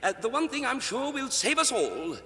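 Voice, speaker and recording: A man performing a comic monologue as one side of a conversation, overly polite and deferential, calling his listener sir, often stammering and halting. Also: extremely high pitch, sing-song, sharp tone. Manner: nervous stammering and halting restarts. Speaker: comedian. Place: television studio stage. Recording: long hall reverb on a 1960s TV stage.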